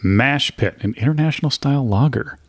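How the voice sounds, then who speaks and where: Brief: relaxed male host, mid-pitched, chatty, filler-heavy. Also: brisk, husky. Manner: easygoing, laughing, with many fillers. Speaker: podcast host. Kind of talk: casual beer-tasting chat. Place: bar with a small live audience.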